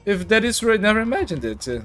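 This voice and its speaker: In a high, sing-song, slightly bright voice, a man streams a game at a quick pace with soft music in the background. The commentary is casual and chatty, with chat read aloud and frequent fillers like "uh" and "like."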